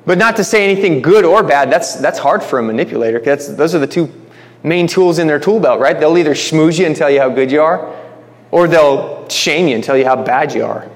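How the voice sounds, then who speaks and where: A man's voice: fairly high pitch, brisk. A man teaching a conversational Bible-study sermon, speaking informally, restarting phrases and calling his listeners guys. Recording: long hall reverb.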